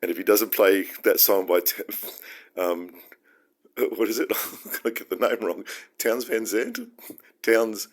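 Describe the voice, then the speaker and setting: A man's voice: on the low side, measured pace. An Australian man hosting his own show, talking through his feelings in an earnest, heartfelt and rambling solo monologue. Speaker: podcast host.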